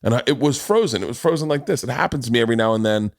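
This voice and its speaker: A man in his forties hosting a podcast, telling a long story in casual chat, animated and swearing, jumping into quoted voices. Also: mid-range voice, racing, no room sound, studio quality. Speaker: podcast host.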